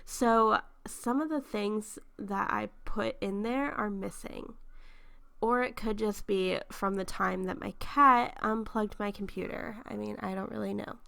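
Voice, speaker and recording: She's a young YouTuber walking through a speed build over her game footage, having just gotten up and sounding congested from a sinus infection. Her medium-pitched voice is sharp-toned with vocal fry, fairly even in intonation and unhurried, and she keeps it casual with frequent ums and quiet laughs.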